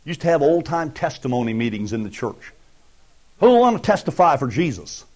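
A man's voice: on the high side, big pitch swings, normal speed, a little mellow. A man preaching a folksy, conversational sermon and acting out everyday asides. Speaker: pastor.

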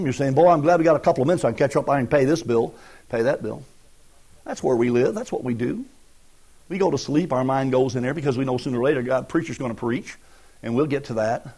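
A man's voice: medium pitch, fast talker, a little mellow. A man preaching a folksy, conversational sermon and acting out everyday asides. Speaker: pastor.

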